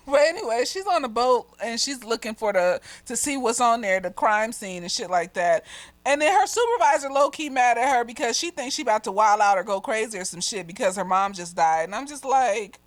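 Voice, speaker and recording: Tipsy woman doing a movie recap, kinda high voice, cusses and laughs a lot, dry room. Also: expressive, brisk, no room sound, poor audio. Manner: chatty and profane, laughs often, voice jumps up when exasperated. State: slightly tipsy. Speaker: movie reviewer.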